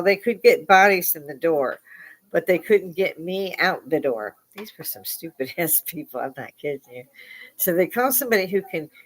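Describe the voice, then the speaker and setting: A middle-aged woman telling a story live at a bar, blunt and profane, laughing often. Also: lowish voice.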